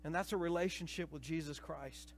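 A man preaching a sermon to a church congregation, dramatic, swinging between hushed and loud passages and acting out voices. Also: a little high, steady tone, brisk, a little hiss or hum. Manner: acts out quoted voices. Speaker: pastor. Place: church sanctuary. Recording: reverberant church hall.

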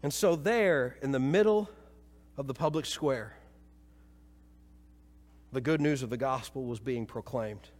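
A pastor from Missouri, married with children, preaching a sermon in a church, moving between lively storytelling and low, solemn appeals. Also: male voice, measured pace, pauses often. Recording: reverberant church hall.

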